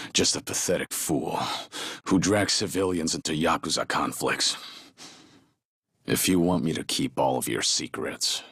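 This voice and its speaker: Kazuma Kiryu, gruff and stoic. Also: male voice, extremely low pitch, a bit bright, dry recording, clean studio sound, heavily acted. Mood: stern. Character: stoic gruff ex-yakuza man, middle-aged. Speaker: game character voice clips. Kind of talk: video game voice lines.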